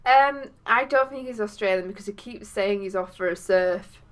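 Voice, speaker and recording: A woman's voice: mid-range voice, moderate pace. Giggly easygoing woman podcaster. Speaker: podcast co-host. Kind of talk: casual chat.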